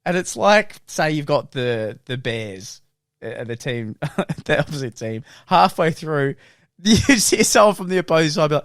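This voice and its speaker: A young Australian man chatting on a podcast, slipping into swearing and frequent laughter as he tells stories. His voice sits a little high and swoops around animatedly. The sound is close and dry. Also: lively intonation, a little slow, a bit bright, no room sound. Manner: sweary storytelling, laughs often. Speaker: podcast co-host. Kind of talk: casual podcast banter.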